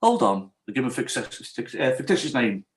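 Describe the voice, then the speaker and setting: A man's voice: medium pitch, sing-song, fairly quick, rough recording. A man, a podcast guest, telling a true story in a casual interview and acting out the quoted dialogue.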